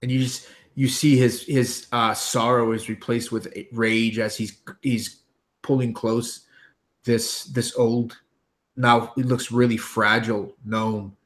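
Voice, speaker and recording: A man narrating as game master of a tabletop game, halting with frequent ums and restarts. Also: mid-range voice, flat delivery, a bit bright.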